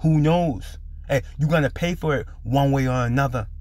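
A man's voice: mid-range voice, moderate pace, a little mellow. A man hosting a preaching video commentary, a little under the weather, talking emphatically and ending lines with "man". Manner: emphatic, repeats "man" at line ends. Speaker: religious commentary host.

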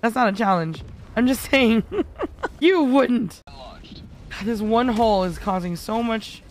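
A woman's voice: fairly high pitch, animated, unhurried, a little mellow, slight background noise. A woman streaming a co-op game, chatting casually and teasing her teammates with lots of giggles. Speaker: VTuber streamer. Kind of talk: casual gaming stream chat.

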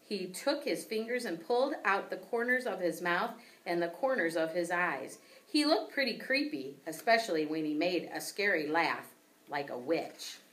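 Expressive woman reading a children's book. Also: on the low side, moderate pace, far from the mic. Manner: expressive storytelling. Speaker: teacher.

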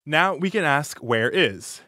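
A man hosting a scripted language lesson, modeling phrases slowly and clearly with encouraging feedback. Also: on the high side, animated, bright, forceful tone, no echo, studio quality. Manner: slow, clear, encouraging pronunciation drills.

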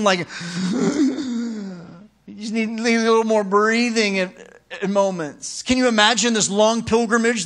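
A man preaching a sermon as pastor, conversational and animated, with asides to the congregation. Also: high-pitched.

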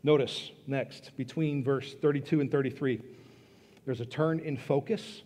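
A man preaching a sermon as pastor, earnest and emphatic, pausing and then rising into bursts of stress. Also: medium pitch, fairly even intonation, mellow. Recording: long reverb of a church hall.

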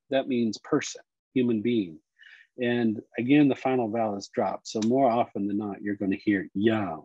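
A man teaching Cherokee words and culture, explaining slowly and repeating each word. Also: mid-range voice, a little mellow, breathy edge, no echo, highs cut off. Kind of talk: explanatory lesson talk.

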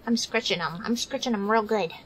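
A woman's voice: medium pitch, fairly quick, fairly bright tone, slight background noise. A woman streamer in a playful role-play chat, putting on valley girl talk and cooing over her dog.

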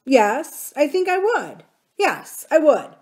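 A woman's voice: high-pitched, big pitch swings, slow pace, a little mellow, pitched above the performer's own voice, exaggerated voice. A woman reading the part of a grieving, bitter middle-aged man. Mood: tense.

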